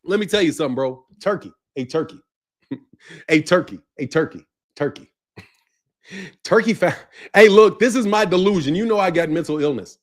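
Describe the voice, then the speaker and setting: A man's voice: a little high, animated, normal speed, pauses often. A man hosting his boxing channel, ranting in a profane, mocking way and laughing often. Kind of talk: ranting commentary.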